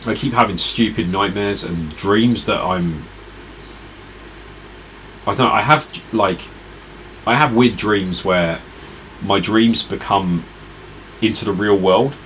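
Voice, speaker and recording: A man's voice: on the low side, takes it slowly, long pauses, a bit bright, slight background noise, rough recording. A tired man streaming retro games, chatting casually and rambling to his viewers. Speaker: retro gaming live streamer. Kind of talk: casual live-stream chat.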